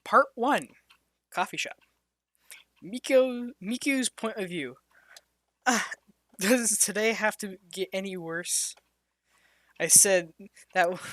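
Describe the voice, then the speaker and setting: Comedic fan fiction reader: very bright, dry close voice, trips over words, can't stop laughing. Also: medium pitch, no room sound. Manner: stumbles over words and keeps breaking into laughter; reads in a flat storytelling tone, now and then dropping to a whisper.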